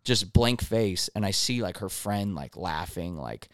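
A man's voice: low-pitched, unhurried, a little hiss or hum. A young man, a restaurant server, co-hosting a casual chat and telling work stories animatedly, acting out customers. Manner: animated storytelling, acts out customers. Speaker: podcast co-host, restaurant server.

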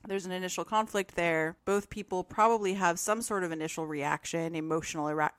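A woman's voice: fairly low pitch, a little fast, no echo. Laughing woman podcast host, dry sound. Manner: laughs often, playful teasing. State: frog in her throat. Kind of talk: casual podcast chat.

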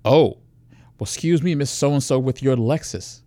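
A man acting out a pushy male predator who flatters and then needles, in a raised, animated voice. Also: sits high, moderate pace, gravelly, dry recording, pitched above the performer's own voice. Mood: needling. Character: pushy smooth-talking adult male predator.

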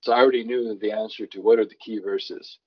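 He talks fast, with husky, low tones and fairly even intonation, through muffled audio. A thoughtful songwriter guest, he explains things conversationally, restarts often, and reads scripture aloud with shifting emphasis.

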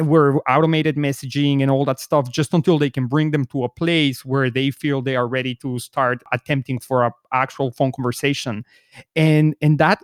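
A man with a fairly high voice hosts a podcast interview, building his points step by step. The recording is close-miked and dry. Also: no room sound.

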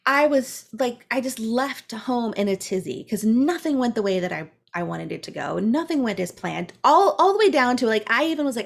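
A woman's voice: on the high side, normal speed, gravelly, few pauses. A woman podcast co-host telling a personal story in casual, chatty talk, full of "like" fillers. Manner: chatty, animated, frequent "like" fillers.

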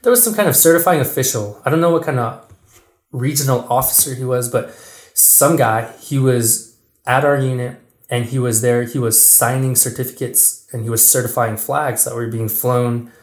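Sincere podcast host guy, mid voice, loose and relaxed, kinda echoey. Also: medium pitch, normal speed. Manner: relaxed and earnest, with many restarts. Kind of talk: casual podcast chat. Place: small room with a microphone. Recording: echoey room.

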